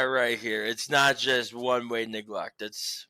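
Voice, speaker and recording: A young man co-hosts a casual sports podcast, rambling through stories with plenty of swearing and animated emphasis. His voice is bright and forward. The sound is dry and close, with no room echo. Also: medium pitch, a little slow. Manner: profane, rambling, animated storytelling. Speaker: podcast co-host.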